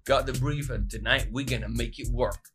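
A man co-hosting a radio show, giving upbeat shout-outs to venues and breaking into playful sing-song chants. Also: medium pitch, steady tone, fairly quick, faint music behind. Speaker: radio host.

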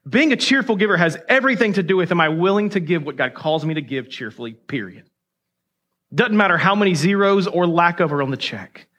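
High-pitched guy preaching, middle-aged pastor, emphatic, chatty storytelling asides. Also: animated, fairly quick, fairly bright tone. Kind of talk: sermon.

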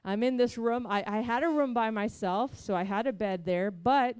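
Woman preacher giving an earnest testimony, slightly high voice. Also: moderate pace, a little mellow, clean tone, dry recording. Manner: earnest, heartfelt storytelling. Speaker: preacher sharing a mission testimony. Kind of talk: personal testimony sermon.

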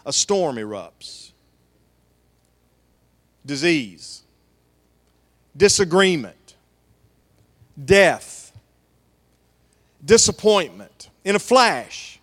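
High-voiced pastor preaching in a reverberant hall. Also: male voice, a bit bright. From American South. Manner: storytelling with folksy asides. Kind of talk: sermon. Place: church sanctuary. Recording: long church hall reverb.

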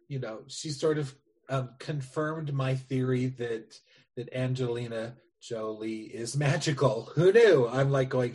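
A man's voice: mid-range voice, darkish tone, breathy edge. A man co-hosting a podcast, chatting in a rambling, self-deprecating way. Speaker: podcast co-host. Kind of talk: casual podcast chat.

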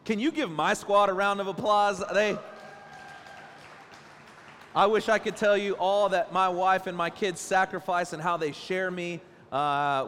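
A man in his thirties preaching a sermon in church, joking and telling stories about his family. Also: high-pitched. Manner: playful, joking, animated storytelling. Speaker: pastor. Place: church stage. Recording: church hall reverb.

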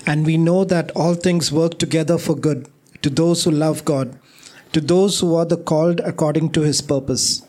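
A man reading a scripture passage aloud in a steady, measured way during a sermon. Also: on the high side. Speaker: scripture reader.

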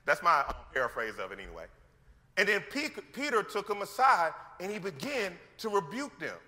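A male pastor preaches in a high, bright, forceful voice. He talks in lively, slangy bursts and acts out the scenes he describes. His words ring out with the long reverb of a large church hall. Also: a little fast. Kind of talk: sermon.

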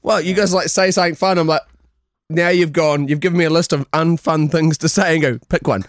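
Male podcast co-host, slightly high voice, giggly rambler, dry close sound. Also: fairly even intonation, a little fast, no room sound. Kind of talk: casual drunk banter.

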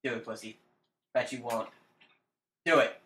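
A man's voice: mid-range voice, fairly even intonation, measured pace, fairly bright tone. A young man co-hosting a casual gaming podcast, teasing and daring his friend with lots of swearing. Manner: taunting, profane, keeps daring his friend. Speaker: podcast co-host. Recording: roomy echo.

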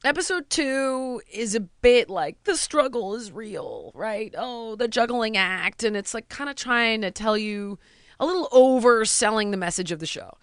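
A woman's voice: fairly high pitch, a little slow, smooth, no echo, studio quality. A woman in her forties, a TV show creator and star, telling stories expressively in casual chat. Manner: expressive, acts out quotes with shouty kid voices. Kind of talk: animated storytelling chat.

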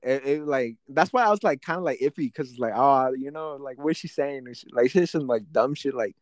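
A man's voice: brisk, no echo, clean studio sound. A young man hosting a podcast, chatting casually in slangy, profane speech with many fillers. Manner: slangy and profane, swooping pitch, filler-heavy. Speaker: podcast host.

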